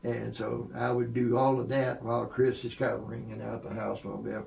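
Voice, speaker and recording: An older man with a gravelly, creaky voice spins a long, rambling tale. He stumbles through fillers and restarts as he goes. The sound is roomy and echoey. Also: mid-range voice, level tone, brisk, a little mellow, a little hiss or hum. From Oak Cliff, Texas. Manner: rambling storyteller with many fillers and restarts, acting out quoted voices. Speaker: guest, music producer and live sound engineer. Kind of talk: long storytelling interview. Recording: roomy echo.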